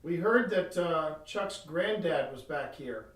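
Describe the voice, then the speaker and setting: A man's voice: on the high side, animated, slow pace, a bit bright. A man on a paranormal investigation, coaxing and friendly, calling out to spirits in a distillery. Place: distillery barrel room. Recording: echoey room, voice from a distance.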